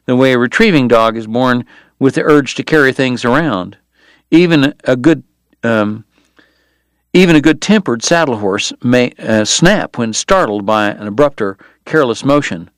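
A man doing scripted audiobook narration in a measured, even storytelling way on a close microphone. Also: mid-range voice, no room sound.

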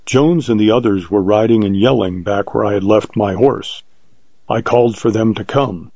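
A man reading an adventure story aloud in a measured, vivid way, on a dull lo-fi recording. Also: fairly low pitch, warm tone, slightly rough, no room sound. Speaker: narrator. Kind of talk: scripted narration of an adventure story.

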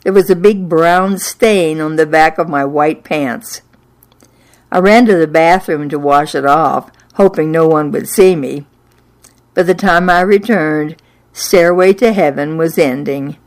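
Slow, low-voiced older woman storyteller. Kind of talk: personal memoir storytelling.

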